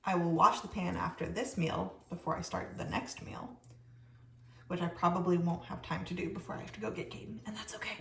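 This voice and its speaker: A woman's voice: lowish voice, fairly even intonation, a little fast, vocal fry, sharp tone, recorded from a distance, a little hiss or hum. A young woman vlogger chatting casually while she cooks at home, rambling with lots of ums as she explains her routine. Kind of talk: casual chat while cooking. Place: home kitchen. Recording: echoey kitchen, voice often off-mic. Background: frying sizzle.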